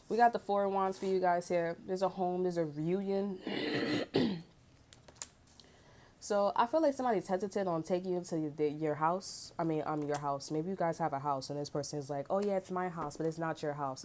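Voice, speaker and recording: A woman's voice: lowish voice, moderate pace, pauses often, a little mellow, slight background noise. Blunt, profane woman talking street slang. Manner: frequent throat clearing. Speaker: tarot reader. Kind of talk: casual unscripted tarot reading monologue.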